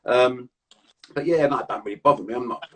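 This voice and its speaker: Fast, husky South London man. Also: medium pitch, fairly bright tone. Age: middle-aged. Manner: chatty, slangy, laughs often. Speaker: podcast host. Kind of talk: casual chat on a video call. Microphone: video call.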